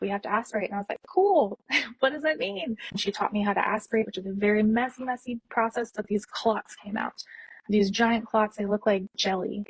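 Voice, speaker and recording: A woman's voice: mid-range voice, breathy edge, no echo, low-quality recording. A woman nurse intensely telling a personal story to the camera and acting out the dialogue. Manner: intense, emotional retelling with quoted dialogue.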